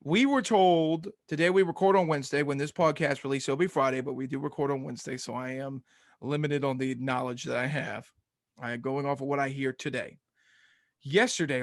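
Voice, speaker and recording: A man's voice: fairly high pitch, no room sound, clean studio sound. A man co-hosting a casual sports podcast, ranting with energy and laughing often. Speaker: podcast co-host.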